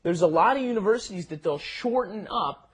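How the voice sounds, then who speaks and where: A man explains Korean phrases to listeners in a relaxed podcast lesson. His husky voice swings up and down with lively pitch, and he keeps asking "right?" as he goes. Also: brisk. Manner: chatty, explains with many "right?" tags. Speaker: Korean language teacher co-host.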